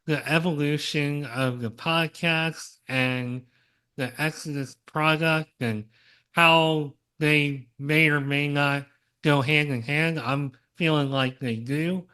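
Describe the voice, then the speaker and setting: A male podcast host with a somewhat high, smooth, resonant voice. He speaks slowly and unhurriedly. He poses broad, open-ended questions in a relaxed interview chat.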